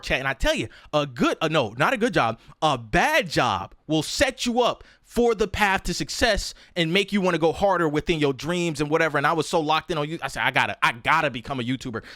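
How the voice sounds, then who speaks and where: Animated, profane young man telling a story. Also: sits high, dry recording, clean studio sound. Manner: animated, profane, repeats himself for emphasis. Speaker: streamer. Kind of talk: casual storytelling to a live chat.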